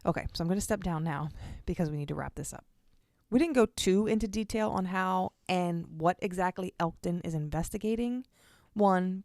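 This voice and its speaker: A woman's voice: lowish voice, a little mellow, dry recording. A woman hosting a true crime podcast, narrating the case in an earnest, direct way and speaking to her listeners. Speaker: podcast host.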